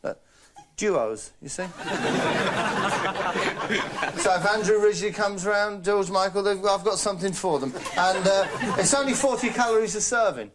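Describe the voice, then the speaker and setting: A man's voice: high voice, normal speed, pauses often, a crowd in the background, close to an everyday voice. A man doing a comic character, a boastful and dim celebrity who drops names, rambling and chatty. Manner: rambling, chatty, keeps saying "right?". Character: boastful, dim name-dropping male celebrity. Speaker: comedian in character. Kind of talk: comic monologue.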